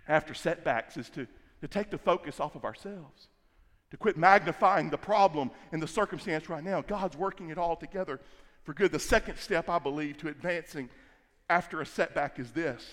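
A man's voice: a little high, fairly bright tone. A middle-aged male pastor preaching a sermon, emphatic and repetitive, stretching key words for stress. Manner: emphatic, repeats phrases, drawn-out stresses. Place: large church hall. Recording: long hall reverb.

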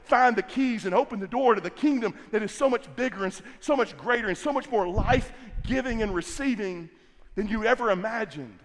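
Male pastor, middle-aged, high voice, emphatic sermon delivery, repeats phrases, echoing church hall. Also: a bit bright. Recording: long hall reverb.

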